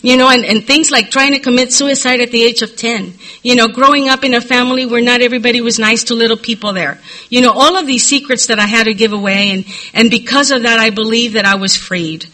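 A middle-aged woman speaks into a podium microphone, giving a candid personal testimony at a recovery meeting. Her voice is very bright, and her storytelling is loose and confessional, with frequent "you know" fillers. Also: fairly high pitch, fairly even intonation, fast, poor audio.

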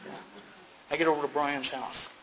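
A middle-aged man tells his story at a recovery meeting in a relaxed, conversational voice pitched a little above the usual. He acts out both sides of the remembered conversations, jumping up in pitch, and laughs at himself. A faint room hum sits underneath. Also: normal speed. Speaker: speaker sharing at a recovery meeting. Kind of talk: personal testimony to a group.

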